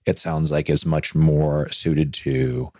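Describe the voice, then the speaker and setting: A man's voice: rumbling low, steady tone, slow, dark tone, dry recording, studio quality. A man hosting a podcast interview, reflective and affirming, thinking aloud as he talks. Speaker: podcast host.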